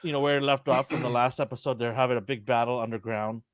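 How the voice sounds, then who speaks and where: A man's voice: mid-range voice, steady tone, fast, clear, resonant tone, no room sound, studio quality. A man hosting a casual pop culture show who laughs often and reads out comments from viewers. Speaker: podcast host. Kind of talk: casual chat.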